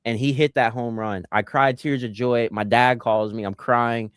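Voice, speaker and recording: A man's voice: medium pitch, moderate pace, smooth, dry recording, clean studio sound. A man co-hosting a casual sports podcast, chatting, joking and reading out viewer comments. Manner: animated, jokey, reads out live comments. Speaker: podcast co-host.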